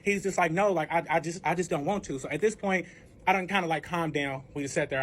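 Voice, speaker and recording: Man, casual storytime, rapid delivery, high voice, lots of swearing and filler words, acts out the dialogue. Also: fairly bright tone. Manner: profane, with heavy filler words; acts out both sides of the dialogue.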